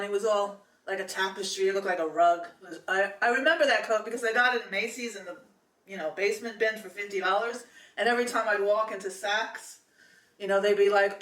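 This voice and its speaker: A woman's voice: medium pitch, fairly bright tone, distant mic. A middle-aged woman, telling a personal story in a chatty, meandering way, full of fillers and restarts. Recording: echoey room, voice set back from the mic.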